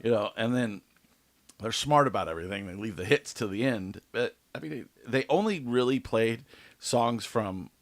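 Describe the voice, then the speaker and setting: A man's voice: medium pitch, animated, moderate pace, no echo. A young man telling a long, rambling story in casual podcast chat, swearing freely and filling gaps with "like" and "dude". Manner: rambling, profane storytelling with loose fillers. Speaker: podcast co-host.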